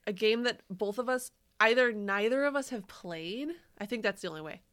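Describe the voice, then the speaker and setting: A woman's voice: on the high side, normal speed, fairly bright tone, clear, resonant tone. Giggly, rambling woman podcast host. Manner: giggly, rambling, swears casually. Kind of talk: casual chat.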